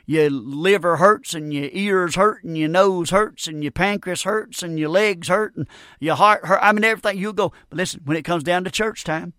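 A man's voice: sits high, fairly bright tone, no echo, studio quality. A man preaching a revival sermon in a folksy, emphatic way, calling out "amen" and "friend" to the congregation.

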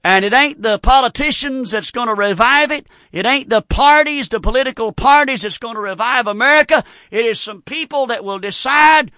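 A man's voice: extremely high pitch, normal speed, few pauses, sharp tone, no room sound, clean studio sound. A middle-aged man preaching a fervent radio sermon, repeating phrases in a folksy, plainspoken way.

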